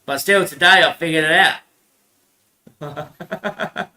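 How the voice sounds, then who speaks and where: A man rambles alone on his own show, calling the listener son and mate. His voice is very bright and sharp, and it rings in an echoey room. He laughs often and trails off into low, muttered swearing. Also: slow. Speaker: show host. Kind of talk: rambling solo monologue. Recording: roomy echo.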